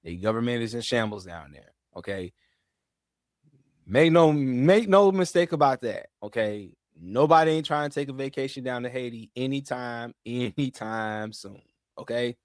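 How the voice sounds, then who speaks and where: A man hosting a commentary show, talking in a slangy, animated way, swinging between low mutters and loud outbursts and repeating himself. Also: normal speed, no room sound, studio quality. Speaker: host. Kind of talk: casual commentary.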